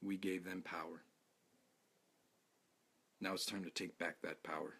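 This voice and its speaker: An exhausted man talking to his followers in a live video, halting and stammering, repeating his words, earnest and heartfelt. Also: deep voice, fairly even intonation, sharp tone, breathy edge. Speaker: activist speaking to followers.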